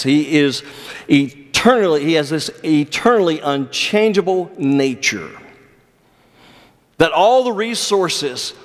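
A pastor preaching an earnest sermon, with measured delivery and dramatic pauses. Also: male voice, sits high. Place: church sanctuary. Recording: long church reverb.

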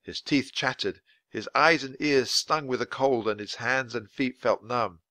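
A man reading a children's chapter book aloud for English learners, in clear, expressive storytelling. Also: mid-range voice, unhurried, dry recording. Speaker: audiobook reader.

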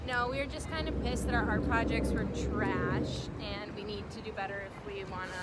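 Offhand young woman over loud noise. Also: mid-range voice, steady tone, normal speed. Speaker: friend cutting hair. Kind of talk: casual chat.

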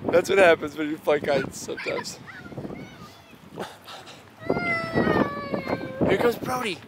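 Woman parent cheering kids on in loud wind. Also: extremely high pitch, huge pitch swings, very slow, pauses often. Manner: encouraging, calling out to young kids. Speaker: parent filming family vlog. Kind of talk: casual family vlog talk. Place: windy outdoor park on a hill. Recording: loud wind noise on the mic. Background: gusting wind.

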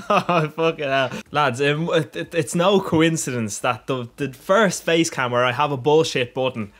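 A man's voice: on the high side, unhurried. A young man, commentating on a football video game with frequent laughter, swearing and rambling asides. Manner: swears a lot, laughs often, rambling and excitable. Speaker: gaming YouTuber. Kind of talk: gameplay commentary.

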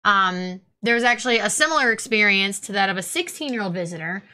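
A young woman co-hosts a loose, joking podcast, reading news items aloud and breaking off for teasing, profane asides. Her voice is bright and forward, at an ordinary pitch for a woman. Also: animated, quick pace. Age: young adult. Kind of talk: casual chat.

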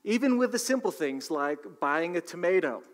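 A man voicing a teenage boy doing stand-up comedy, with a dry, slow, deadpan delivery. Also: a little high, close to an everyday voice. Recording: long reverb of a large hall.

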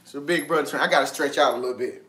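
A man giving casual motivational talk on a livestream, slangy and animated, repeating himself often. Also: on the high side, very fast. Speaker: vlogger. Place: indoors with TV and iPad.

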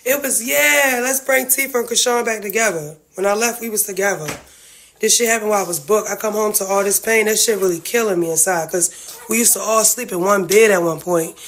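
Woman, mid pitch, blunt profane heartfelt venting straight to camera. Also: a little fast, a little hiss or hum. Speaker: reality-TV family member livestreaming. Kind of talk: emotional venting to a livestream.

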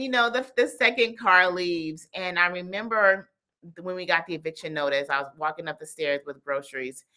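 Woman coach, live-stream talk, animated, chatty, lowish voice, bright and forceful. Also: clean tone. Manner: animated, chatty, heavy use of "like". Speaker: business coach.

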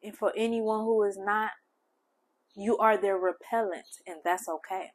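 A woman hosting a spiritual channel, speaking gentle, heartfelt affirmations straight to the listener. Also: mid-range voice, steady tone, a little slow. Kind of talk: affirming spiritual message to the viewer.

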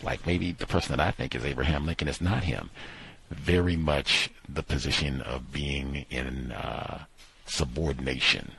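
Very deep, gravelly, husky-voiced man. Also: fairly even intonation, a bit bright. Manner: thinking aloud, pausing with "uh, let's see". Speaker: book commentator. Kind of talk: casual book discussion with read-aloud passages.

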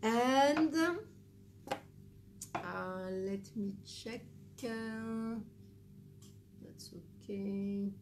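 A woman who grew up speaking Arabic walks students through a dental technique in a live lesson. She talks slowly and patiently, pausing on fillers as she explains. Faint background noise sits under her voice. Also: a little high. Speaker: dental instructor. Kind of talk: live teaching demonstration.

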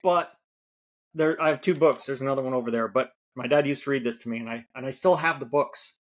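A man co-hosting a podcast, speaking in a measured, affirming way in casual conversation. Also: mid-range voice. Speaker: podcast co-host.

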